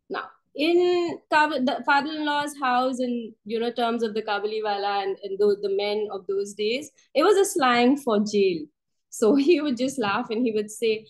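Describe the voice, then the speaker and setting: A woman telling a story in the first person as a storyteller in a workshop, raising her pitch for the voices she quotes. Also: normal speed, low-quality recording.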